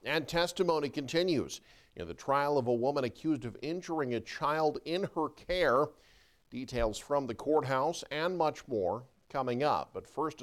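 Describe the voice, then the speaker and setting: A man anchoring a morning newscast, reading headlines in a brisk, upbeat newscaster style. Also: medium pitch. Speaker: news anchor. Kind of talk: scripted news reading.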